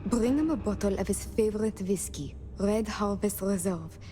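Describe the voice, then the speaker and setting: An actress with a French accent playing a worried woman who wants to patch things up, speaking in an earnest, measured way. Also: medium pitch, mellow, slight background noise, natural voice. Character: worried woman seeking a reconciliation.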